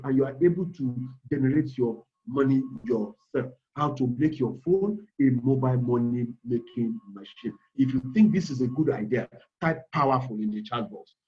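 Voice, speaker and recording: A man's voice: a little high, a little mellow, dull audio. A man with a Nigerian accent giving an emphatic online trading webinar, repeating key words and calling out to the audience. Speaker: trading instructor. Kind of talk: webinar sales pitch.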